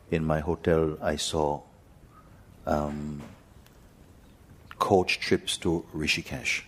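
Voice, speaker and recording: Man, very deep voice, husky, gentle, unhurried storytelling, frequent pauses. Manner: gentle, unhurried, pausing often. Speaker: spiritual teacher. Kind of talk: storytelling talk to a gathering. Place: talk hall in India.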